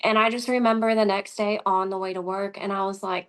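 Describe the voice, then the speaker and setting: A woman, speaking as an interview guest and telling a personal story in a conversational, animated way, acting out quoted dialogue. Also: medium pitch, fairly quick.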